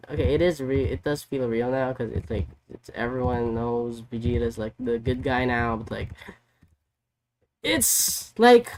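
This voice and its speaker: A man streaming casually, recapping a story in an excitable, rambling way full of "like" and "you know". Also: on the high side. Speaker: vtuber streamer. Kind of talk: casual chat.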